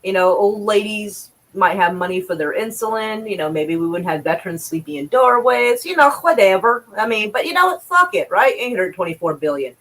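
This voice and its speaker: A woman's voice: mid-range voice, lively intonation, brisk, few pauses, a bit bright, a little hiss or hum, poor audio. Woman, livestreamer, news read-aloud, sarcastic, profane, exasperated. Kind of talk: casual news commentary, reading aloud.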